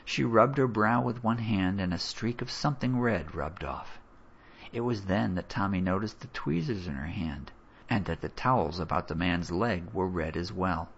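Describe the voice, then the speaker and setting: A man narrating a story in a measured, expressive way, on a dull lo-fi recording. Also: low voice, vocal fry, a little hiss or hum. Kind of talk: audiobook narration.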